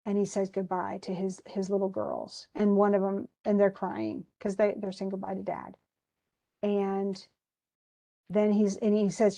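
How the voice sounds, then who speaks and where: A woman's voice: mid-range voice, little pitch movement, normal speed, dark tone. A woman teacher casually retelling a tragedy for her class in a chatty way, with many restarts. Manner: chatty, restarts often, wistful about the tragedy. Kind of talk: casual lecture retelling a play.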